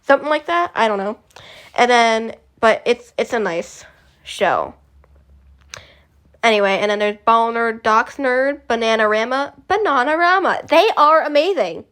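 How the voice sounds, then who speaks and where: A woman's voice: fairly high pitch, animated, measured pace, fairly bright tone. A young woman vlogger chatting casually, rambling and correcting herself with small giggles. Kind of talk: casual chat.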